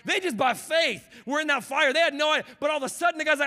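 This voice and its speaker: A man preaching a sermon as a guest pastor, talking in a loose, conversational way with repeated words and restarts that climbs into passionate shouting. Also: extremely high pitch, quick pace.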